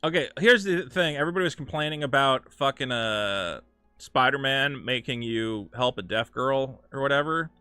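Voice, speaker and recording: A man's voice: medium pitch, lively intonation, normal speed, sharp tone, smooth, no echo, faint music behind. A man giving casual, rambling gameplay commentary, crude and joking, swearing freely. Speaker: gaming streamer.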